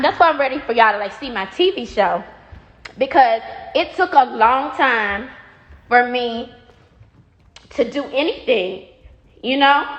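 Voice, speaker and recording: A woman's voice: sits high, fairly bright tone, lo-fi sound. A woman talking casually straight to her followers, blunt and profane, repeating herself when riled. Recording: echoey room.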